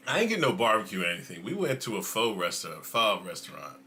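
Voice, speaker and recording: A man's voice: on the low side, sing-song, fast talker, sharp tone, a little hiss or hum. A man hosting a casual livestream, rambling through stories with frequent laughs and swearing, sometimes dropping to a near whisper. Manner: loose rambling storytelling, frequent laughs and profanity. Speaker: streamer host.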